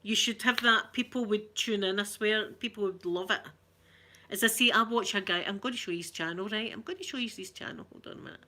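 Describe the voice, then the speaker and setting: A Scottish woman hosting a relaxed live stream, chatting and giggling as she answers viewer comments. Her voice is bright and forward. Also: medium pitch, brisk. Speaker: ASMR channel host. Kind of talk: casual live-stream chat.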